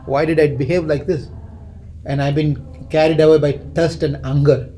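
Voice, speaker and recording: A man's voice: on the high side, flat delivery, normal speed, warm tone, a little hiss or hum, natural voice. A man voicing a king who questions himself with regret. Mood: regretful. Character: remorseful king blaming himself.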